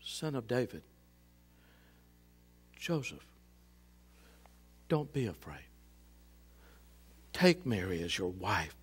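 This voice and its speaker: A man voicing a tender male angel who speaks gently and soothingly. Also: lowish voice, big pitch swings, slow, long pauses, slightly rough, pitched below the performer's own voice, exaggerated voice. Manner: hushed and soothing.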